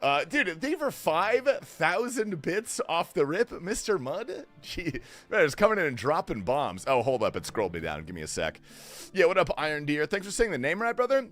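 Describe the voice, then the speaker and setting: Animated joking male livestreamer. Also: fairly high pitch, normal speed, faint music behind. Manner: joking banter, jumps between murmurs and sudden yells. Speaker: livestream host. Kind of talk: casual livestream chat greeting viewers. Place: home, keeping quiet while others sleep.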